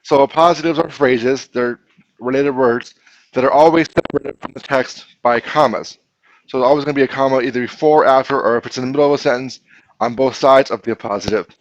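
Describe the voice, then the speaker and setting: A man's voice: mid-range voice, no room sound, lo-fi sound. A man teaching a grammar lesson to a class, patiently explaining step by step and asking his students questions.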